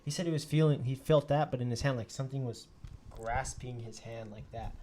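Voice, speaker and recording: A man co-hosting a casual podcast, telling a ghost story in an animated way, swearing freely and acting out what people said. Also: medium pitch, a little fast, a little hiss or hum. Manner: animated, swears a lot, acts out quotes. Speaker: podcast co-host.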